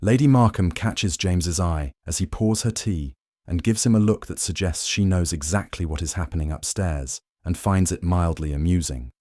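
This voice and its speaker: A man narrating a history story for sleep in a calm, slow, soothing scripted style. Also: low-pitched, no room sound, studio quality.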